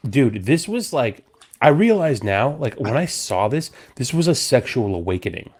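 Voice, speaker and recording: A man's voice: medium pitch, very animated, moderate pace, a little mellow, slightly rough. A man in his thirties, slightly drunk and slurring, rambling with restarts as a casual podcast host. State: tipsy, slurring. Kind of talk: casual chat.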